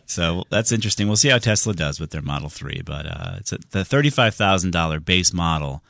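A man hosting a call-in radio show about computers, chatty and quick to laugh. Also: vocal fry, no echo, studio quality. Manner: chatty, laughs often, lively pitch swings.

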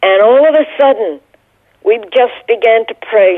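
A woman's voice: a little high, animated, normal speed, dry recording. A middle-aged woman, a guest, earnestly telling a personal story in an interview. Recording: tinny phone line.

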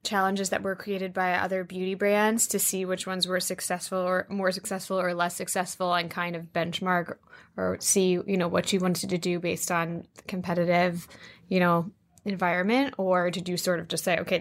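Female co-host, lower pitch, wordy hedging questioner. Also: steady tone, moderate pace, gravelly. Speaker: podcast co-host. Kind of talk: casual interview chat.

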